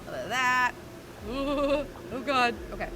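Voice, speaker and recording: A woman's voice: high-pitched, animated, moderate pace, background noise. A woman in a food review video, exclaiming and gushing over each dish. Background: music.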